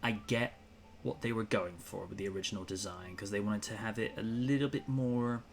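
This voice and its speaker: A man's voice: on the low side, fairly even intonation, normal speed, a little hiss or hum. Chatty opinionated male host. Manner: opinionated, chatty, with lots of fillers. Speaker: podcast host. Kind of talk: casual chat.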